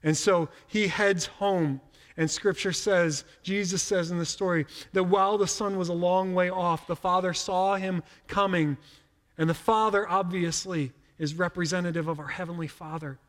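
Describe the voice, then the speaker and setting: A middle-aged man preaching a sermon in a relaxed, conversational way, often repeating a word as he starts a sentence. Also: sits high, moderate pace, big-room sound. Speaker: pastor.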